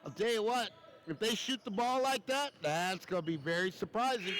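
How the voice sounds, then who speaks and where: High-voiced chatty basketball commentator. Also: male voice, animated, moderate pace, fairly bright tone, a little hiss or hum. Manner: folksy, chatty, repeats phrases. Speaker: play-by-play commentator.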